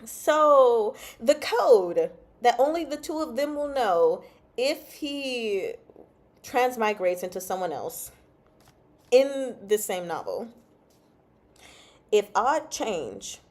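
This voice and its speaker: In an easygoing livestream chat on a novel, a book club host reads out viewers' comments and laughs a lot. Her voice sits on the high side, animated yet slow, with a darkish tone.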